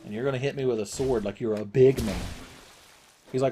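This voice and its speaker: A man's voice: mid-range voice, fairly even intonation, brisk, warm tone, slightly rough. A man commentating his video game play with crude, sarcastic jokes. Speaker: gaming channel host.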